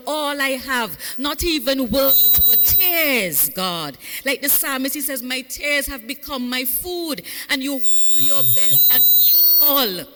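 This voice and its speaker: Her voice is a little high and a bit bright as she preaches in a big church sanctuary, where the hall gives the recording an echo. The Vincentian pastor trades calls with her congregation and lifts her sermon into impassioned, sung cadences.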